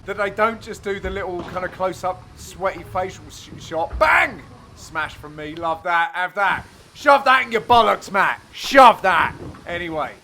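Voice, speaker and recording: A man giving jokey voice-over commentary on his own amateur match, teasing his friends with sudden loud exclamations. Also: high-pitched, normal speed, a little hiss or hum. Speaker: player and commentator.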